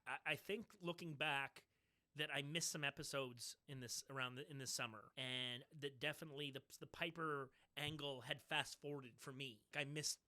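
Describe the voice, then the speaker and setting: A man's voice: medium pitch, steady tone, bright, forceful tone, no room sound. A man co-hosting a podcast in casual chat, agreeing often and adding his own memories. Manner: agreeable, quick back-and-forth. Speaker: podcast co-host.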